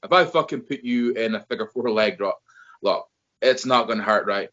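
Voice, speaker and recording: Over dull lo-fi audio, a man with a lowish voice hosts a laid-back wrestling podcast at normal speed. He rambles animatedly and swears freely.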